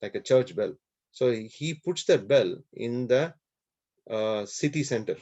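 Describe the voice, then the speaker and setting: A man's voice: mid-range voice, expressive, unhurried, warm tone. Guy preaching, retelling an old story casually, asks questions and answers them, muffled recording. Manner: conversational retelling with rhetorical questions. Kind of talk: sermon storytelling. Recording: dull lo-fi recording.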